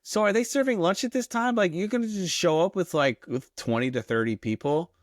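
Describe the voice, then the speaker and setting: A man's voice: high voice, a little fast, no echo, clean studio sound. A man co-hosting a casual podcast, poking at a TV episode with sardonic questions and casual swearing. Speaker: podcast co-host. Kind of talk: casual chat recapping a TV episode.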